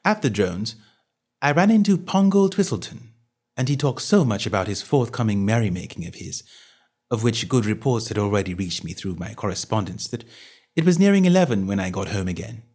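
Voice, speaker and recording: A man's voice: fairly low pitch, sing-song, brisk, darkish tone, husky. A man reading a comic novel aloud in the first person, with a playful, mock-grand storytelling manner. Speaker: audiobook narrator. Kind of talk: scripted narration of a comic novel.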